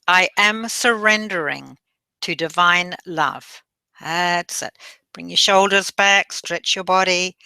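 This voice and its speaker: A woman guides a meditation at an unhurried, drawn-out pace, her low-set voice carrying a bright, forward edge. She leads breathing cues softly and has listeners repeat affirmations after her, close and dry on the mic. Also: dry recording. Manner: slow, gentle instructions with repeat-after-me affirmations.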